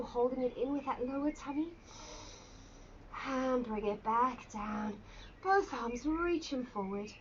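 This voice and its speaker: A woman teaching a live online pilates class, giving friendly, encouraging movement cues with chatty asides. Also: on the high side. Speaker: pilates instructor. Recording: slightly dull sound with faint ambient noise.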